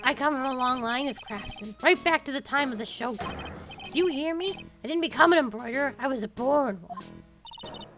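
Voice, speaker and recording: A woman's voice: sits high, expressive, moderate pace, music in the background, low-quality recording. A woman playing a furious cranky old man. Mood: angry. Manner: gruff, barking, indignant. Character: cranky angry old man, shouting craftsman.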